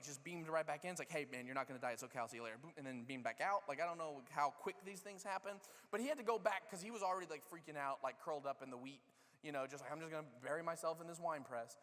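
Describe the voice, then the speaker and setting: A man preaching, his slightly high voice ringing with the long reverb of a large church hall. He tells the story in a lively, casual way and acts out what each character says. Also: fast. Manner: animated storytelling, acting out characters' lines. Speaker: pastor. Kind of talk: sermon. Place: church sanctuary.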